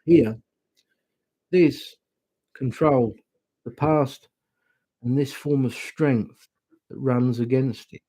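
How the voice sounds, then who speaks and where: English male tarot reader, husky, dry room, rambling livestream chat. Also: mid-range voice, mellow, no echo, rough recording. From England. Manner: musing, slow and rambling, chatty asides.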